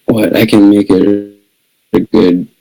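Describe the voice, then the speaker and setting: Gravelly man swearing through his turn. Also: lowish voice, steady tone, takes it slowly, dark tone, soft background music, poor audio. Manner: stammering, swears freely. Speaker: player. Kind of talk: casual tabletop play.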